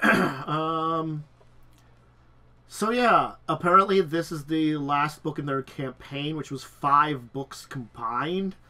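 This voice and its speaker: Male host, casual chat, congested nose, brightish, halting delivery with fillers. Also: on the high side. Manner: halting, many restarts and ums. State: stuffed up nose. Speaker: podcast host. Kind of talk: casual chat about tabletop games.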